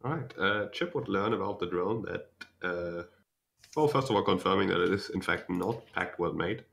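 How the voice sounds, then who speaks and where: A deep-voiced young man runs a tabletop game as its game master. He explains things in a measured way and often pauses on "uh" to restart a sentence. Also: gravelly, a bit bright.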